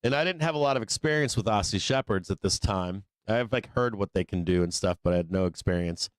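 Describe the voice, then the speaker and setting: A man's voice: on the low side, brisk, clean tone, no echo. A man hosting a live trading show, telling a long story in a casual, profane, rambling way, laughing often between lines. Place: studio office.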